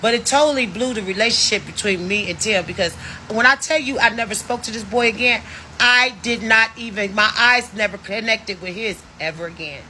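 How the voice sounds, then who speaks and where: Woman in her 50s spilling a story, bright sharp voice, blunt and cussing, super animated. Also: a little high, a little fast, slight background noise, poor audio. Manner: blunt, profane, animated retelling. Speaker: storyteller vlogger. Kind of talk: casual storytelling.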